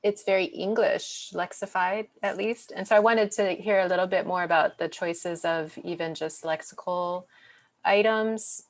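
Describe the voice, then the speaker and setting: A woman with a lowish voice moderates a casual panel discussion. She frames her questions thoughtfully, with scholarly vocabulary loosened by many "likes" and "ums". She is heard through a video call. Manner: thoughtful, academic, uses "like" and "um" often.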